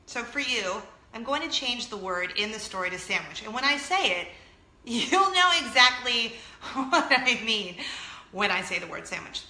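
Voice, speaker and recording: Lively, bright-voiced woman vlogger. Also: a little high, moderate pace, echoey room. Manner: animated storytelling, often laughing. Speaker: vlog host. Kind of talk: casual chat to camera.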